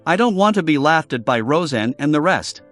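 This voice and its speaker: A man's voice: fairly high pitch, lively intonation, a little fast, a bit bright, faint music behind. A male narrator voicing a confident, teasing young male investigator in an audiobook, with an easygoing, playful manner.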